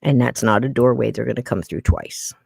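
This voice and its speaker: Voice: medium pitch, fairly quick, vocal fry, a little mellow, breathy edge, no echo, studio quality. A podcast host talking to a live-stream chat in a blunt, emphatic way, repeating points for weight.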